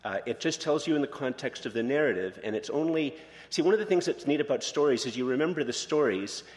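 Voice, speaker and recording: A man's voice: medium pitch, lively intonation, fast talker, a little mellow, in a large hall. A man pastor giving a conversational sermon, telling personal stories in an informal, candid way with lots of fillers and restarts. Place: church sanctuary.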